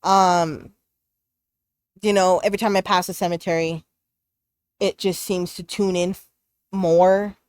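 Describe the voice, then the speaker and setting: A woman co-hosting a podcast, telling a personal ghost story in casual chat. She is animated and excitable, and uses many fillers and restarts. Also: lowish voice, measured pace, long pauses, clear, resonant tone, dry recording. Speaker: podcast co-host.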